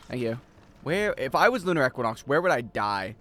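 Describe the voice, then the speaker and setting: Lively-voiced male streamer, rambling jokes. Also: medium pitch, a little fast, a little hiss or hum. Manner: rambling, joking, talks to chat. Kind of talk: casual game-stream chatter.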